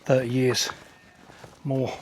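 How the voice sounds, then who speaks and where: A man's voice: mid-range voice, completely flat delivery, takes it slowly, a little hiss or hum. Wry man on a countryside walk. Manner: wry, self-deprecating, chatty asides. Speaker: vlogger. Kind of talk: casual hiking vlog. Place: outdoors in countryside.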